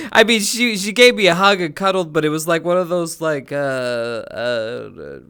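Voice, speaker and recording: A man's voice: a little high, animated, a little slow, sharp tone, smooth. A man live streaming, telling stories in casual chat, laughing and swearing often.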